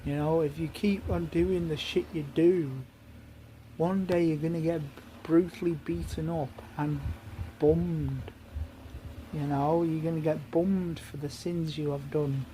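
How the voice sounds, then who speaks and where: A man's voice: a little high, fairly even intonation, unhurried, warm tone, slight background noise, poor audio. A man ranting in an angry monologue, heated and repetitive, swearing often.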